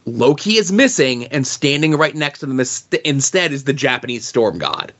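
A man co-hosting a casual podcast, calmly walking through the details of a comic book scene. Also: mid-range voice, moderate pace, lo-fi sound. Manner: explains story details step by step. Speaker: podcast co-host.

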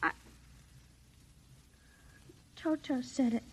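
A woman's voice: high-pitched, very slow, darkish tone, slightly rough, no room sound, exaggerated voice. A woman playing a young girl in a 1950s radio drama, speaking in an eager, pleading, childlike way. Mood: upset.

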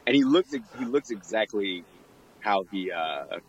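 A man's voice: on the low side, animated, a little slow, breathy edge, dull audio. A young man being interviewed about bartending. He rambles casually, fills his talk with fillers and laughs often. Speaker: guest, former bartender.

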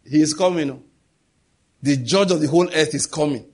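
A man's voice: on the high side, brisk, husky. A middle-aged man preaching a sermon in an emphatic, conversational way, firing off rhetorical questions.

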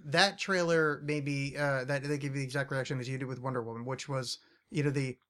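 A man's voice: mid-range voice, fairly even intonation, brisk, a bit bright. A man hosting a podcast in casual chat, rambling, laughing often and swearing freely. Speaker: podcast host.

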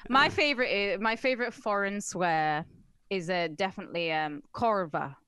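A woman's voice: mid-range voice, normal speed, bright, forceful tone, smooth, dry recording, clean studio sound. A woman with an English accent chatting playfully and laughing on a podcast. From England. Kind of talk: casual podcast chat.

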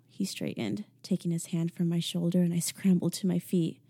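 Brief: young woman, first-person audiobook read, mellow and lowish, intimate hush. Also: normal speed, hardly any pauses, husky. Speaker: audiobook narrator.

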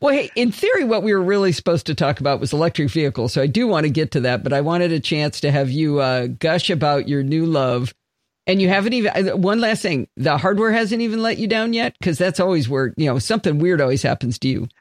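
A man's voice: on the high side, fast talker, no room sound, studio quality. A man hosting a casual tech podcast chat, joking and laughing easily as he talks. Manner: animated, jokey, laughs often. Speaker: podcast host.

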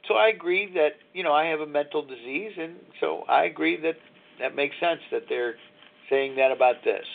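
Sixties male host, slightly high voice, rambling confessional monologue over a phone-thin line. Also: vocal fry. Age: 60s. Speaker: radio show host. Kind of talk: candid recovery talk show monologue. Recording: tinny phone-line sound.

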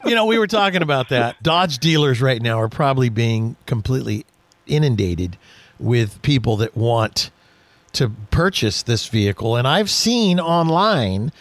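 A man's voice: mid-range voice, normal speed, dry recording. A man hosting a radio talk show about cars, chatting casually and telling jokey stories. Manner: jokey, lively storytelling.

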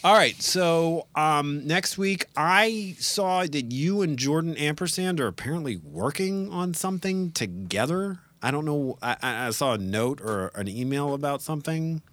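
A man co-hosting a podcast, telling stories in a casual, animated way. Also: on the high side, a little slow, hardly any pauses, dry recording. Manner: animated, expressive storyteller. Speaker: podcast co-host. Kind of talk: casual chat.

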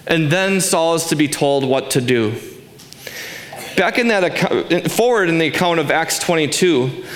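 A man's voice: on the high side, a bit bright, reverberant. A man in his forties giving a sermon as pastor, earnest and emphatic, asking rhetorical questions. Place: church sanctuary.

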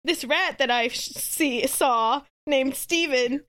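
A woman's voice: high voice, slow pace, fairly bright tone, no room sound. A woman co-hosting a casual comedy podcast, giggly and rambling, often laughing at her own jokes. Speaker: podcast co-host.

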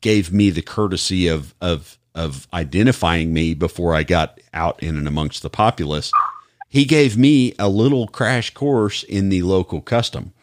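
A man's voice: low-pitched, expressive, moderate pace, no room sound, studio quality. A man with an American accent, a police officer on a podcast, telling stories in a rambling, casual way with many restarts. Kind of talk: casual chat, storytelling.

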